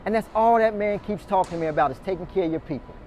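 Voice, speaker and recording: High-pitched and rapid-fire, a man gives an energetic motivational talk to a meeting room full of door-to-door salespeople, quizzing the room and calling on audience members to answer. There's slight background noise.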